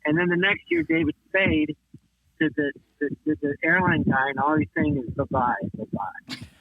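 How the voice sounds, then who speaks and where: A man's voice: a little high, moderate pace, dry recording. A man calling in, bantering comically and arguing insistently. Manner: boisterous, argumentative, insistent. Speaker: comedian guest calling in. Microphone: phone. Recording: tinny phone line.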